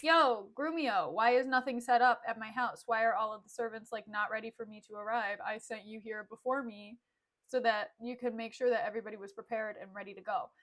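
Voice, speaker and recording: A woman's voice: fairly high pitch, steady tone, fairly quick, natural voice. A woman voicing a hot-tempered newly married nobleman in casual modern slang, snapping at servants and cooing at his bride. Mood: blustery. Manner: casual modern slang, yelling then sugary.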